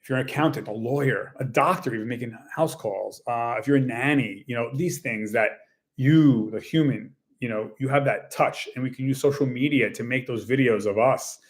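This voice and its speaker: A man who runs a small tennis business, talking casually to his viewers in a rambling way, full of fillers and quick acted-out quotes. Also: mid-range voice. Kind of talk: casual talk to camera.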